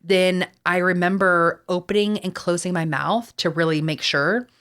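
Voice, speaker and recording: Casual Texan woman co-host, low-ish voice, swears, rambles. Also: normal speed, fairly bright tone, smooth. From Texas. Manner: chatty, swears often, rambling asides. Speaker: podcast co-host. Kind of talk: casual podcast storytelling.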